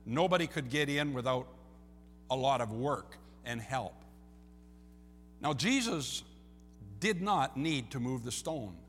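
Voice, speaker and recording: A man preaching a sermon as a pastor, swinging between loud and soft and repeating key phrases. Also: a little high, slightly rough, in a large hall. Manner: lively preaching, rising and dropping in loudness, repeats phrases.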